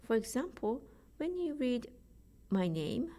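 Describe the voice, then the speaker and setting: A woman's voice: on the high side, big pitch swings, dark tone. A woman with a Japanese accent giving a prepared presentation on choral music, explaining carefully and sounding out word examples. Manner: careful, measured explanations with spoken pronunciation examples.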